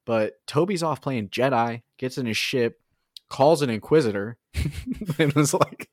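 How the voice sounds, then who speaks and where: A man's voice: medium pitch, expressive, measured pace, no room sound, clean studio sound. A man co-hosting a casual fan podcast, rambling with lots of fillers and frequent laughter. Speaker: podcast co-host.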